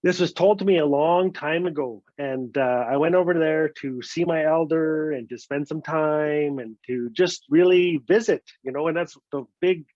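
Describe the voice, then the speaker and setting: A man tells a funny folk tale, his voice sitting a little high for a man. He plays with repetition and keeps tagging lines with "eh". The sound is dull and very dry, like a lo-fi video call. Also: moderate pace, hardly any pauses, no echo. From Northwest Territories, Canada. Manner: lively, playful, repeats words for effect, ends lines with "eh". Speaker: storyteller. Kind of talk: told folk story, casual and humorous. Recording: dull, dry lo-fi online recording.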